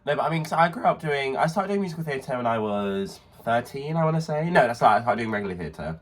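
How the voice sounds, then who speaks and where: A man's voice: medium pitch, very animated, fast talker. A young man co-hosting a podcast in camp, chatty banter. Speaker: podcast co-host. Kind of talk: casual chat.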